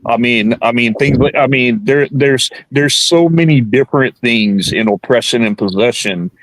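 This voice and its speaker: A man's voice: medium pitch, normal speed, no echo, rough recording. A man speaking as a guest in a casual interview, earnest and repeating words as he searches for them.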